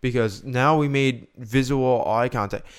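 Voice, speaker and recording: Young man, podcast co-host, casual rambling chat, smooth clear voice. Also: medium pitch, a little slow. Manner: rambling, restarts and muses aloud.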